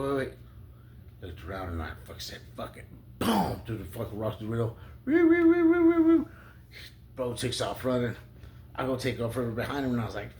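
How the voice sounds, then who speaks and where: A young adult man telling a rambling, profane story in a casual, animated way. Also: medium pitch, slight background noise.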